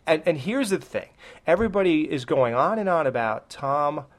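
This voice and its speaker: A man's voice: a little high, moderate pace. A man co-hosting a movie podcast, talking casually and with animation, heavy on "like". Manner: animated, opinionated, many "like"s. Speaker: podcast co-host. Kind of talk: casual movie review chat.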